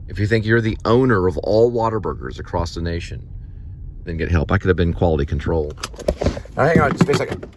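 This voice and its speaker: Guy with a lowish voice rambling from his car while doing deliveries, gets all preachy, loud road noise behind him. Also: very animated, brisk. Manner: rambling, turns preachy and exhorting. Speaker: vlogger and food delivery driver. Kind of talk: rambling casual monologue.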